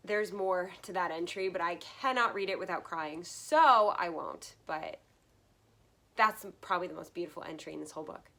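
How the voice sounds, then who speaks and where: A woman's voice: fairly low pitch, fairly even intonation, brisk, sharp tone. A woman from the United States giving a casual vlog book review, earnest and heartfelt, laughing often between thoughts.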